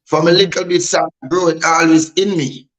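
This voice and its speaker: A man's voice: fairly high pitch, level tone, normal speed, a bit bright, poor audio. A man from Guyana with a Guyanese Creole accent, a DJ guest speaking bluntly and emphatically in an interview. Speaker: DJ and artist guest. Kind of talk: candid interview talk.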